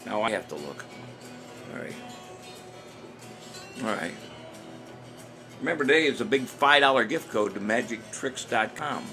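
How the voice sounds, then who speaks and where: A man's voice: mid-range voice, animated, a little slow, pauses often. An older man casually hosting a live-stream trivia show, chatty and jokey, chuckling at his own jokes. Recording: music playing under the voice.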